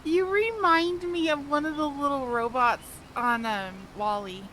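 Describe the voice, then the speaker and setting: Bright-voiced woman streamer telling stories. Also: high-pitched, unhurried, slight background noise, low-quality recording. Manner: chatty storytelling, laughs often. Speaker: livestreamer. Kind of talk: casual chat while gaming.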